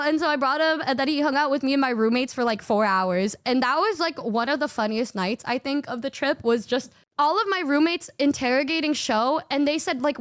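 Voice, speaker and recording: A young woman casually telling trip stories, excitable and slangy, swearing freely and laughing often. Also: high-pitched, brisk, hardly any pauses, no room sound, clean studio sound. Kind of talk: casual storytelling.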